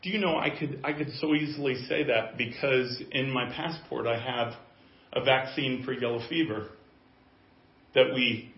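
Man preaching, roomy muffled sermon audio. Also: mid-range voice. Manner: swings from quiet musing to loud emphatic preaching. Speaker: pastor. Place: church. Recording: echoey, muffled church audio.

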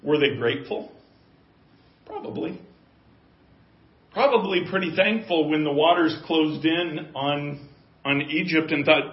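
A man's voice: on the high side, a little slow, pauses often. A male pastor preaching a sermon, emphatic and given to repeating key phrases for weight. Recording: echoey, dull lo-fi room sound.

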